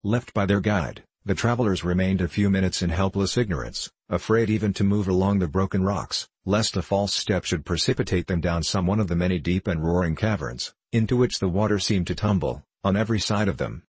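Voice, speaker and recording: A man narrating a classic adventure novel in a steady, measured reading. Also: sits low, husky, no echo. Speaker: audiobook narrator.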